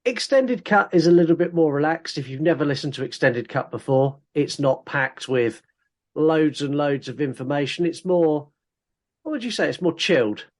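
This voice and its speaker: A man's voice: on the high side, animated, moderate pace. Guy cohosting a podcast, jokey and sweary, loose chat. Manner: joking, blunt, sweary. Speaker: podcast co-host. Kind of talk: casual chat.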